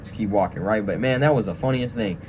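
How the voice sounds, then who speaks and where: A man's voice: fairly low pitch, fast, noisy background. A young man telling a story casually and walking through a tutorial, rambling with lots of fillers and tag questions. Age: young adult. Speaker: vlogger. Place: room at a training school.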